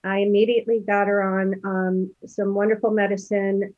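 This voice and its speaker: A woman's voice: medium pitch, level tone, normal speed, darkish tone, dry recording, highs cut off. A woman in her fifties telling stories as a podcast guest, rambling with many fillers and restarts. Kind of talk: casual storytelling interview.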